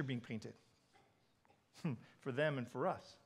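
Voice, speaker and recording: A man preaching a sermon as pastor, telling stories animatedly and swinging between loud and quiet. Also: mid-range voice, slow, slightly rough.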